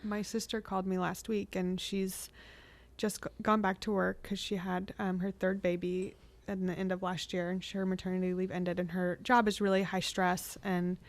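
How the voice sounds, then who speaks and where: A woman co-hosting a podcast, talking candidly and reflectively with frequent restarts and soft laughs. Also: medium pitch, little pitch movement, moderate pace. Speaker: podcast co-host. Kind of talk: candid conversational podcast chat.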